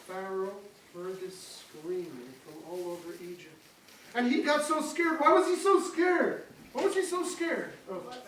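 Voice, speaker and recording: A woman telling a dramatic story to a group of children, lively and asking them questions, heard in a large echoing hall. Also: mid-range voice, a little hiss or hum. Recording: very echoey hall, far from the mic.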